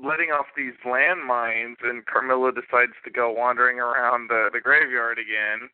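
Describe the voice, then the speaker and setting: A man discussing a film in a measured, thoughtful way. His voice is smooth and resonant. The sound is dry and phone-like. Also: medium pitch, steady tone, no echo. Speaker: podcast cohost. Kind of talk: casual film review chat. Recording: dry, phone-like podcast line.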